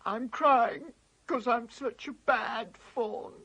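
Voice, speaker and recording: A woman's voice: medium pitch, animated, a little slow, fairly bright tone, breathy edge, poor audio. A woman voicing a guilt-ridden, tearful male fawn in an amateur radio play. She talks anxiously and stammers. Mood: guilty, fearful. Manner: anxious, stammering, breaking into sobs.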